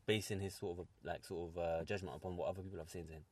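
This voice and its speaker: A man's voice: sits low, fairly even intonation, rapid-fire, a little mellow. A man in casual religious discussion, emphatic and often asking whether he is understood.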